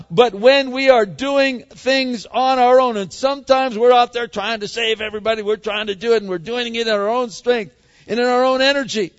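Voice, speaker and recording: A man preaching a sermon in an animated way, swinging from loud, emphatic lines to hushed ones. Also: very high voice. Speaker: pastor. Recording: dull sound in a large hall.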